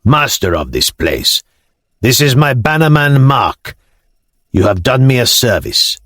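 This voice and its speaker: A man reading as a deep-voiced older Norman lord, blunt and commanding, his pitch lowered and swinging widely through each line. He speaks plainly and forthrightly, in a dry, close storybook read. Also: sing-song, measured pace, a bit bright, no echo. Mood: formal.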